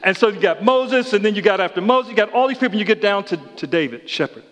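A man preaching a sermon in a church sanctuary, with dynamic delivery that rises loud and drops low, addressing the congregation directly with questions and asides. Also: expressive, fast. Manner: dynamic preaching, swinging between loud raised passages and quiet low ones. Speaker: pastor. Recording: long reverb of a church hall.

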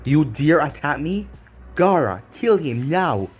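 An ancient male sand demon speaks with slow, booming arrogance, his voice lurching over a wide pitch range. A man puts him on for a fan-made story reading. Faint music plays underneath. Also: big pitch swings, breathy edge, heavily acted. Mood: imperious.

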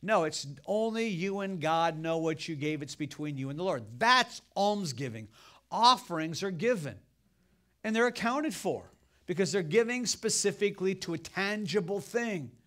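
A man preaching with a slightly higher voice than most men. He tells his sermon as folksy, animated stories and talks straight to the congregation. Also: moderate pace. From United States. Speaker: pastor.

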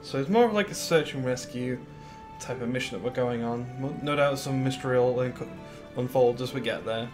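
Talking a little fast over background music, a man with a medium-pitched voice gives casual live-stream commentary on his game. He drifts through what he wants to do next, filling gaps with fillers and responding to chat.

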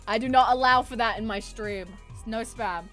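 A young woman streaming a video game, excitable and loud, who swears often and keeps squealing and exclaiming. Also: a little high, moderate pace, faint music behind. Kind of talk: live gaming stream commentary.

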